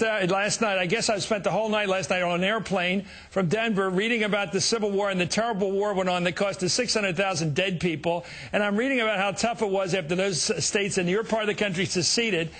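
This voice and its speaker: A man's voice: sits high, fairly bright tone. A middle-aged man hosting a combative political talk show, pressing his guest with sarcasm and interruptions.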